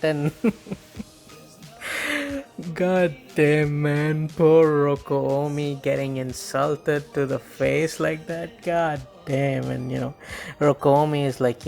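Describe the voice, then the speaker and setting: A man reviewing a manga chapter in a loose, rambling way, full of fillers and little chuckles. He talks very slowly. Faint background music plays under his voice. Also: a little high, little pitch movement, creaky, a little mellow. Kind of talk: casual review vlog.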